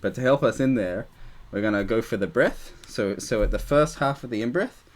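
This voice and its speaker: A man's voice: medium pitch, moderate pace. A man leading a group meditation discussion over a video call, talking loosely with many fillers. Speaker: meditation teacher.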